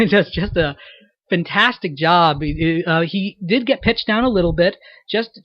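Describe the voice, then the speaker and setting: A man's voice: fairly high pitch, no room sound, lo-fi sound. A man in his twenties, a director giving a casual commentary, rambling and upbeat with lots of fillers and restarts. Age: 20s.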